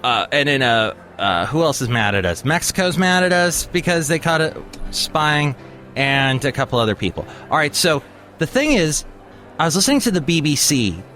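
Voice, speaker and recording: A man hosting a podcast, chatting casually in a rambling, halting way with plenty of fillers. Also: a little high, sing-song, bright, forceful tone. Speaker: podcast host. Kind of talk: casual chat.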